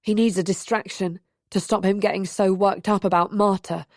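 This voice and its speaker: A woman's voice: mid-range voice, steady tone, moderate pace, darkish tone, no room sound, clean studio sound, lightly acted. A woman doing a coaxing, confident young man.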